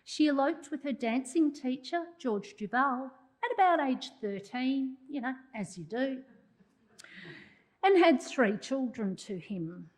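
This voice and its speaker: A woman's voice: sits high, expressive, measured pace, low-quality recording. A woman, a journalism historian delivering a prepared public lecture with wry asides to the audience. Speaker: journalism historian giving an oration.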